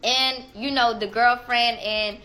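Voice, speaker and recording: A woman voicing a male police officer who talks in a flat, matter-of-fact way on the phone. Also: on the high side, slow, rough recording. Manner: matter-of-fact, hedging with ums.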